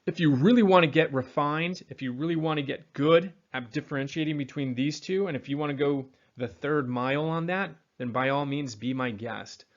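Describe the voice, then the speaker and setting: A man teaching accent and pronunciation, demonstrating sounds slowly and repeating words, with a General American accent. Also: on the high side, lo-fi sound. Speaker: accent coach.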